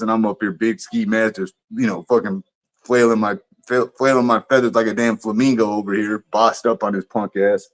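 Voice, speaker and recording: A man's voice: on the low side, fairly even intonation, fast. A man livestreaming, telling a story in a casual, profane, rambling way with lots of restarts.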